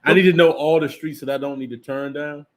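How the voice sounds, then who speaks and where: A man's voice: fairly high pitch, steady tone, quick pace. A man co-hosting a casual podcast, prompting the storyteller with short questions and reactions. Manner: short encouraging interjections, laughs along.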